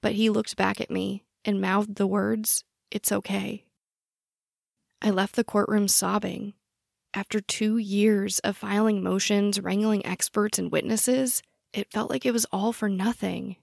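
Woman, scripted true-crime narration, measured and personal, gravelly fry, dry close mic. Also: mid-range voice, level tone, a little mellow, no room sound.

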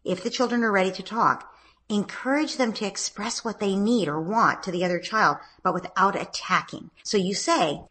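Husky-voiced woman coaching on parenting. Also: mid-range voice, moderate pace, rough recording. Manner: acts out gentle parent lines in a lilting voice. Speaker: parenting expert guest. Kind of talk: advice conversation on a podcast.

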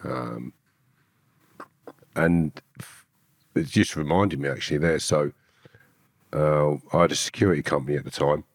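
A very deep-voiced man in his fifties speaks bluntly and candidly, in streetwise slang with the odd curse. The recording is close and dry, with no room sound. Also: measured pace, pauses often, no echo. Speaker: guest who committed a kidnapping. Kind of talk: candid storytelling.

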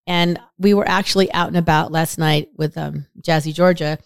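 Woman on a podcast telling stories, kinda low voice, acts out the quotes, dry close sound. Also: normal speed, gravelly, smooth, dry recording. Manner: lively storyteller, acts out quotes with big pitch jumps. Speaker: podcast co-host. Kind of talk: casual chat.

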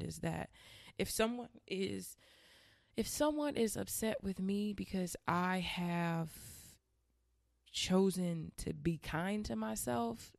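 A woman's voice: mid-range voice, creaky, no echo, clean studio sound. A woman in her thirties hosting a podcast, telling a personal story in a candid, chatty monologue and speaking straight to her listeners. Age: 30s. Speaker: podcast host.

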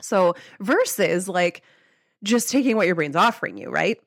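A woman's voice: mid-range voice, lively intonation, measured pace, no echo, clean studio sound. A young woman host giving a casual motivational talk, upbeat and chatty, with lots of "like" and easy laughs. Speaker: podcast host and life coach.

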